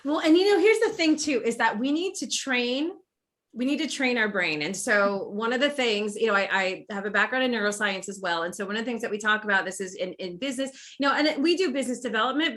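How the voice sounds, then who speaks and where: A woman guest on a podcast, talking in animated, run-on sentences full of fillers and restarts. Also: mid-range voice, fast talker, few pauses. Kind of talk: casual podcast conversation.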